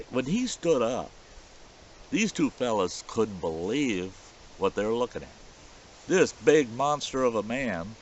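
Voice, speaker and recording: A man telling a folksy story outdoors at a campfire in the woods, in a dull lo-fi recording. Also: lowish voice. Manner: folksy, animated yarn-spinning. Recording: dull lo-fi recording with faint hiss.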